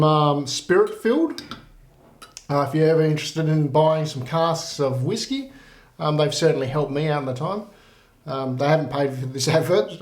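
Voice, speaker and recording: Male reviewer, slightly high voice, relaxed and rambling, roomy echo. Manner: relaxed, rambling, many fillers. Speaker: whisky reviewer. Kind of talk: casual tasting review.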